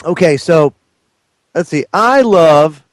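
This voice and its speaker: A male radio show host giving loud, joking, mocking live commentary into a studio mic. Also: on the high side, expressive, slow pace, no echo.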